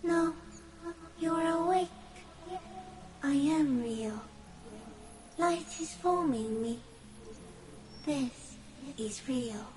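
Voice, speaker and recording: Ancient female stick insect, high airy voice, slow and eerie, soft otherworldly phrasing, game creature. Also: poor audio. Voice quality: soft, drifting, often breathy. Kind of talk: video game voice acting.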